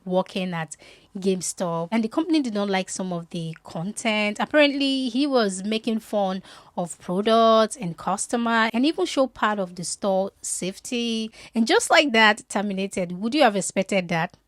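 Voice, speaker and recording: Brief: woman host, conversational commentary, mid pitch, dry sound. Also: animated, moderate pace, no room sound. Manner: chatty, conversational. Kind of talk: reaction commentary.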